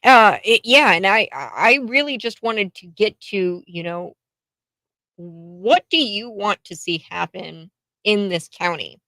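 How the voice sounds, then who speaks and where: A woman's voice: mid-range voice, lively intonation, measured pace, pushed and bright, no echo. A woman hosting a talk radio interview, chatty and restarting her sentences often. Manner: chatty, many fillers and restarts. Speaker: radio talk show host.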